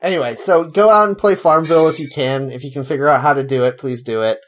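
A man's voice: a little high, fast. A man hosting a casual podcast, chatting with dry, sarcastic humor and laughing often. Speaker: podcast host.

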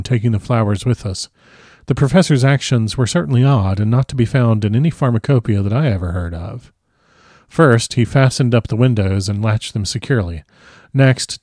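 A man narrating a classic novel in the first person with measured, formal diction. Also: medium pitch, warm tone, dry recording, studio quality. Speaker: audiobook narrator.

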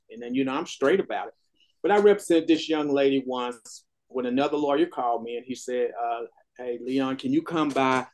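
Older lawyer telling a story. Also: male voice, mid-range voice. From Texas. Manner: animated storyteller, acts out quoted voices. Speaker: trial lawyer. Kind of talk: storytelling in a podcast interview.

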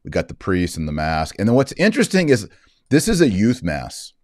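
A man with a very low voice hosts a casual commentary show. He talks in a chatty, joking way, with plenty of asides. The sound is dry and close, with no room echo. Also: huge pitch swings, a little fast, a little mellow. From Texas. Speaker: host. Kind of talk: casual commentary on video clips.

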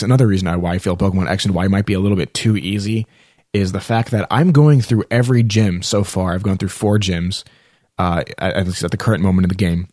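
Rambling man, low voice, dry sound. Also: darkish tone, dry recording. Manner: rambling, many fillers and self-corrections. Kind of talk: casual video game talk.

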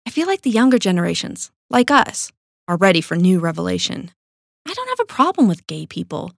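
A woman's voice: on the low side, big pitch swings, brisk, vocal fry, no echo, studio quality, exaggerated voice. A woman narrator voicing an earnest young man who talks through his questions openly.

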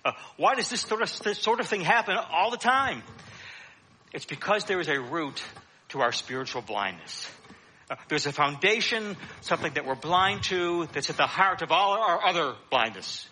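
Bright, lively male preacher. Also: fairly high pitch, moderate pace, slight background noise. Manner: conversational teaching with frequent fillers. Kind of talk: sermon.

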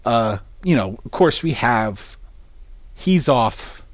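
A man co-hosting a casual talk show, relaxed and halting, retelling scenes of a film. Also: mid-range voice, no echo. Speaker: podcast co-host.

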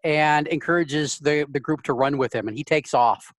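A man narrating his part in a tabletop game, halting and repeating words as he goes. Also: on the high side. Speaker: player.

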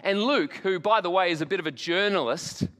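A high-pitched Australian man preaching with animated, joking storytelling. His voice rings out with a long reverb from a church hall. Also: brisk. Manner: animated storyteller, jokey asides. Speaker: pastor. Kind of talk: Easter sermon.

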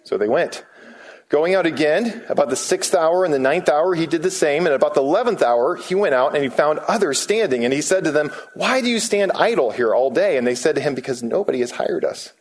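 A male pastor preaching a sermon, reading scripture aloud and then explaining it in a relaxed, conversational way, lifting his voice when he quotes people. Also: brisk. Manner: voices quoted speakers with raised pitch.

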